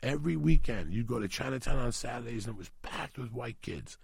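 Man, middle-aged, from New York, gravelly, husky, profane rambling storyteller. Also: mid-range voice, animated, fairly quick, a little mellow, no echo. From New York City. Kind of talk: casual storytelling chat.

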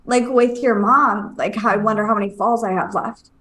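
A woman's voice: medium pitch, moderate pace, a bit bright. A woman in her forties co-hosting a podcast, chatting candidly and getting teary. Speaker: podcast co-host. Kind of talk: casual chat.

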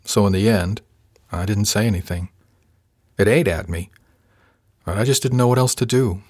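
A man narrating a first-person story in a measured, calm manner. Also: fairly low pitch, no room sound, clean studio sound. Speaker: audiobook narrator.

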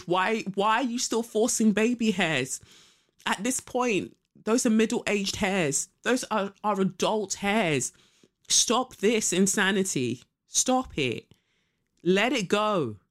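A young podcast host, talking casually and reading headlines aloud. The delivery is opinionated and sarcastic, full of likes and ums, with a middle-of-the-road pitch.

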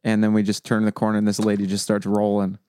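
Male guest, low smooth voice, dry mic, quick jokey asides. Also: monotone, warm tone, dry recording. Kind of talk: casual chat.

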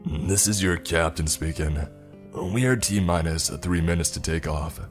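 A man voicing a gruff, curt, almost inhuman pilot over the intercom. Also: deep voice, measured pace, faint music behind. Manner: curt, terse.

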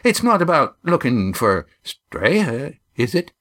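A man's voice: fairly high pitch, big pitch swings, slow, a bit bright, slightly rough, voice pushed up, heavily acted. A man reading a storybook, voicing a nervous, querulous fisherman on a boat crew. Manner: querulous, hopeful.

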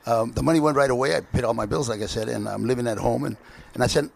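A man from the United States telling stories about his life in an interview, halting and restarting often, slipping into quick impressions of the people he meets. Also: medium pitch, gravelly. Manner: halting, with frequent restarts and filler words; lively anecdotes with put-on voices for other people. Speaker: guest. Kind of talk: storytelling interview talk.

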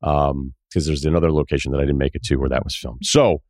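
A man's voice: extremely low pitch, quick pace, no echo, studio quality. A man hosting a podcast, telling a casual travel story and acting out the other people's lines in shifting voices. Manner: animated, acts out quoted dialogue in shifting voices. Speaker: podcast host.

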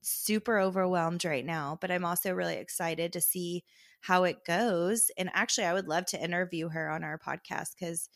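A young woman, co-hosting a podcast and telling a story in casual chat, quoting people in lively voices and laughing often. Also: lowish voice, moderate pace, no echo, studio quality. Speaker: podcast co-host.

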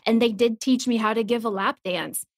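Animated laughing woman telling stories. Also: fairly high pitch, brisk, no echo, studio quality. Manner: animated storyteller who laughs often and quotes people. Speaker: podcast co-host. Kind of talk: casual chat, telling anecdotes.

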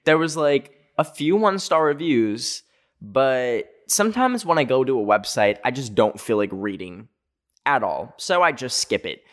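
A young man from North America tells a story in a loose, conversational way. His speech is full of fillers and quick asides, and he catches himself mid-sentence. His voice sits at an ordinary middle pitch. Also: animated, fairly bright tone. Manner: chatty, full of "like" fillers, jumpy self-corrections. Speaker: vlogger. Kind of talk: casual storytelling.

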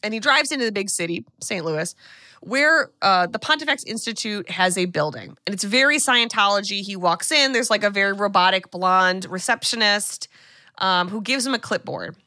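A woman co-hosts a podcast, walking through a movie's plot in loose, animated chat packed with fillers and side remarks. Her voice is bright and forward, recorded close and dry with no room around it. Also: medium pitch, normal speed, no echo. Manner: chatty, animated, many fillers and asides. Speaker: podcast co-host. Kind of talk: casual film recap chat.

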